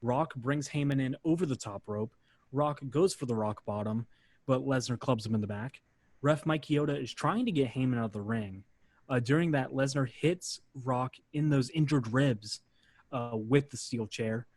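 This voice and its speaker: A man's voice: medium pitch, moderate pace, dry recording. A man hosting a podcast, casually narrating a match play by play with lots of "uh" fillers. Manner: relaxed, filler-heavy narration. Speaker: podcast host.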